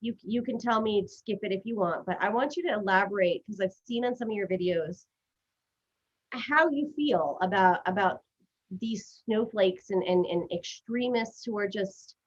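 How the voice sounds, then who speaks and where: A woman hosting a casual live stream, talking fast and chatty and giggling at herself. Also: medium pitch. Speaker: host. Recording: dull lo-fi stream audio.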